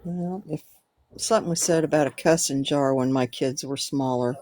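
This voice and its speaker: A woman's voice: low voice, normal speed, warm tone. A middle-aged woman talking candidly in casual chat on a livestream. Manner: candid, laughing while talking.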